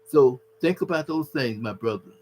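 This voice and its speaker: A man's voice: mid-range voice, expressive, normal speed, darkish tone, slight background noise, poor audio. A man giving earnest, preachy relationship advice to husbands, calling the listener his brother. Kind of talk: casual advice talk.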